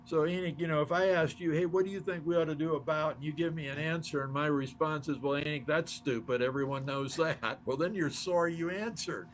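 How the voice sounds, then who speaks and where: An older man speaks as an interview guest, telling stories with plenty of energy and acting out the lines he quotes. His voice sits a little high for a man. Faint room noise hums quietly behind him. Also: steady tone, fast talker, few pauses. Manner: enthusiastic, acts out quoted dialogue, laughs often. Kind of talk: animated storytelling in conversation.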